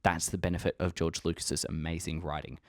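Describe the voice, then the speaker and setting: A young man hosting a fan channel, chatting casually and excitedly about theories, rambling, swearing freely and laughing at himself. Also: low voice, a little fast, dry recording, clean studio sound.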